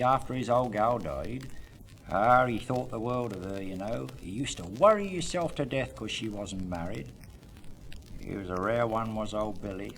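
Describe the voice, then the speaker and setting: A man's voice: mid-range voice, a bit bright. A man with a rural southern English accent spinning comic country yarns in a drawling dialect monologue, with chuckling asides.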